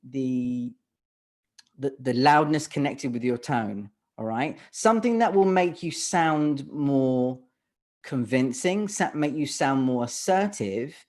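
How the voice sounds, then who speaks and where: A man's voice: medium pitch, darkish tone. A man coaching on presenting voice, speaking in an online workshop with frequent restarts and questions to the audience, over a webcam mic on a video call. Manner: halting, restarts words, pauses to ask the audience. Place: home office on a video call. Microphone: webcam or desk mic on a video call.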